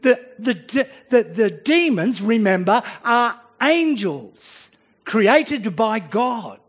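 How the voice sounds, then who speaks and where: A man's voice: sits high, big pitch swings, slow pace, breathy edge. A man preaching a sermon, working through a Bible passage and often restarting his phrases as he acts out the voices he quotes.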